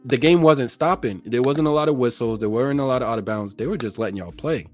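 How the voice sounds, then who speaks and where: A man's voice: medium pitch, fast talker, soft background music. A man hosting a casual podcast chat, laid-back and calling people "bro". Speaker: podcast host.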